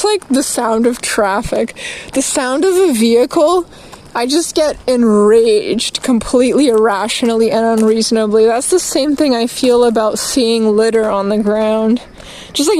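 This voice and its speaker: A woman streaming outdoors, delivering a rambling, profane rant and quickly getting angry. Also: fairly high pitch, darkish tone, slight background noise, rough recording. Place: outdoors, walking past litter and traffic.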